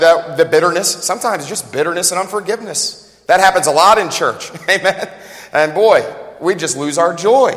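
A man preaching a sermon as a pastor, talking fast and joking in a conversational way, recorded with long hall reverb in a church. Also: on the high side, fairly bright tone. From United States.

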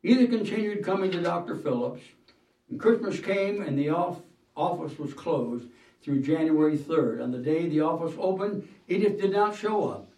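A man preaching a sermon, telling a story in an earnest, measured way with "uh" fillers and the odd throat-clearing. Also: fairly high pitch, lively intonation, darkish tone. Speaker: pastor. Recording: roomy hall, mic at a distance.

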